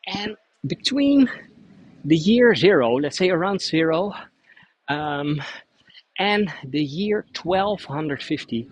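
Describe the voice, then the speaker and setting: A man's voice: on the high side, lively intonation, unhurried, fairly bright tone, husky, low-quality recording. A Dutch man, a native Dutch speaker using English, guides a cycling tour of a city outdoors and explains at length with frequent restarts. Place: outdoors in a city square, riding a bike.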